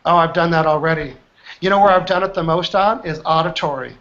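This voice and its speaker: A man's voice: on the high side, fairly quick, a bit bright. A man leading an online coaching class, upbeat and chatty, often checking in with his students. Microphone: video call. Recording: muffled online call audio.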